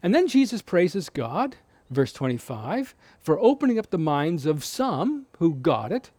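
A man's voice: fairly high pitch, big pitch swings, measured pace, darkish tone, no room sound. A man giving a conversational Bible teaching, explaining scripture with frequent restarts. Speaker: preacher.

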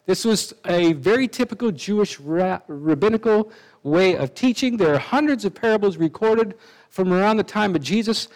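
Male preacher, fairly high voice, animated, chatty sermon with asides. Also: moderate pace, low-quality recording. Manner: conversational, with asides and restarts.

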